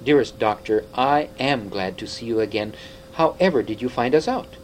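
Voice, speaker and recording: An earnest young king, read by a male narrator in nearly the reader's own voice. He speaks warmly and sincerely, a storybook hero. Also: mid-range voice, animated, moderate pace, a little hiss or hum, lightly acted, low-quality recording.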